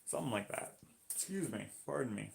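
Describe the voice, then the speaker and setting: A man's voice: mid-range voice, expressive, brisk, creaky. A man from Canada painting on a live stream, reading viewer comments aloud and chatting in a rambling, easygoing way that keeps interrupting itself.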